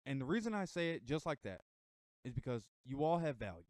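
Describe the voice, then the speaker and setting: A man's voice: medium pitch, very animated, a little fast, darkish tone, no room sound. An American man giving a casual motivational monologue to camera, emphatic and a bit rambling. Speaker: vlogger giving motivational talk.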